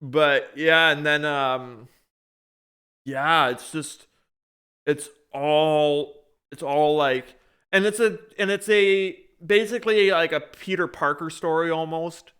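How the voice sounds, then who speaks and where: A man's voice: a little high, slow, fairly bright tone, smooth. A young man co-hosting a casual podcast chat, rambling through a show's plot with many restarts and fillers. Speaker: podcast co-host.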